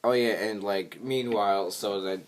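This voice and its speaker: This young man, a regular vlogger, talks at an unhurried pace over some background noise. He recaps a cartoon episode in a meandering, filler-packed way, using squeaky voices for the quotes.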